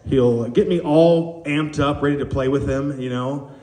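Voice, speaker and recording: A man doing a stand-up comedy set on a club stage, telling animated stories with acted-out quotes, audience laughter behind him. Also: medium pitch, unhurried, reverberant.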